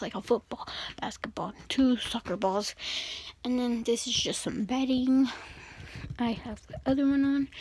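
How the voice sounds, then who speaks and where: A woman's voice: on the high side, husky, low-quality recording. A woman vlogger chatting casually as she shows her things, rambling with self-corrections and often slipping into a whisper. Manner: drifts in and out of whispering. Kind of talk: casual closet tour chat. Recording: home recording with steady background noise.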